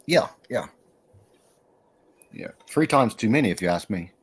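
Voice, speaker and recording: Rambling New man, low voice. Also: lively intonation, a little slow, slightly rough. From New Zealand. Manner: rambling, laughs often, many fillers. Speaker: host. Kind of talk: casual online group chat.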